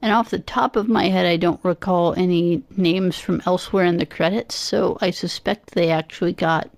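A woman's voice: lowish voice, fairly even intonation, normal speed, vocal fry, dry recording. A woman on a casual podcast chat who talks thoughtfully and hesitantly, with many fillers. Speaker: podcast guest co-host.

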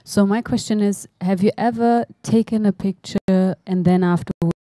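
A woman's voice: mid-range voice, steady tone, normal speed, dark tone, dry recording. A woman from the audience asking a thoughtful, slightly hesitant question.

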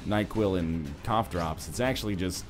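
A man's voice: deep voice, normal speed, over music. A man co-hosting a gaming stream, wordy and sardonic, with an irritated throat. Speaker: streamer co-host. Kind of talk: casual gaming chat.

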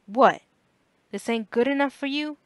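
A woman voicing a gruff working-class father who snaps harshly and scornfully at his son in an audiobook. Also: high voice, unhurried, no room sound, pitched above the performer's own voice.

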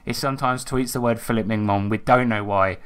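A man co-hosting a tabletop game podcast, with lively, sweary, teasing banter. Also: on the low side, a little fast, clean tone. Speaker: podcast co-host. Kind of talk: casual banter.

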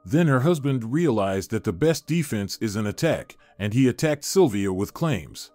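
An expressive male storyteller reads with lively swings of pitch. His voice is close and dry, with soft music underneath. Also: normal speed, few pauses, dry recording. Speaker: narrator. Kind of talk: storytelling narration.

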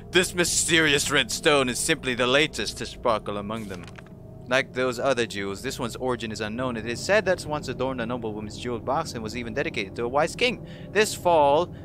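A man's voice: mid-range voice, background noise, natural voice. A man reading aloud as a mock-grand dramatic narrator in a put-on accent.

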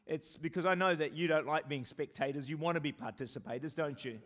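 A New Zealand man preaching to his church, his voice sitting a little high for a man. He moves between animated, joking asides and slow, stretched-out prayers. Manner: animated, laughs often and jokes with the congregation; pleading slowly when quoting prayers. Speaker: pastor. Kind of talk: sermon. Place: church service with a congregation.

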